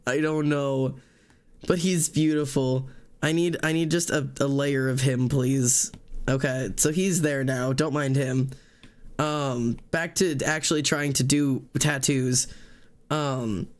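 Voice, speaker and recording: A man streaming live, chatting casually while he sketches tattoo ideas, rambling with many fillers and the odd curse. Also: on the high side. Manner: rambling, full of fillers and swearing. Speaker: livestreamer.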